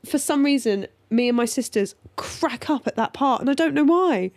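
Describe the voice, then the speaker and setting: A woman's voice: high-pitched, expressive, darkish tone, dry recording. A woman co-hosting a podcast, chatting casually and cutting in with teasing jokes. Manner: teasing, quick jokey interjections. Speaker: podcast co-host. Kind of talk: casual chat.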